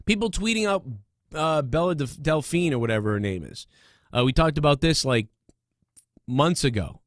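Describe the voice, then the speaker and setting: A man's voice: on the high side, lively intonation, normal speed, no room sound, clean studio sound. Rambling profane male podcast host. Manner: rambling, profane, many fillers and restarts. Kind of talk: casual comedy podcast rant.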